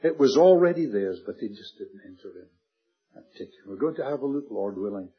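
Husky-voiced preacher, lo-fi sermon recording. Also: male voice, mid-range voice, expressive. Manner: earnest, emphatic, slows and drops to a hush on key words.

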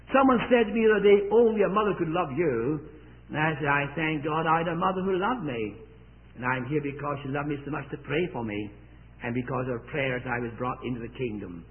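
A man's voice: on the high side, narrow, tinny audio. A man preaching a sermon to a congregation in an earnest way, often asking them questions. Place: church service.

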